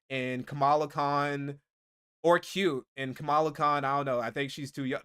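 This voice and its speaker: A man's voice: fairly high pitch, fairly bright tone. A man hosting a livestream, reading donations aloud and ranting in a profane, exasperated way. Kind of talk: casual livestream commentary.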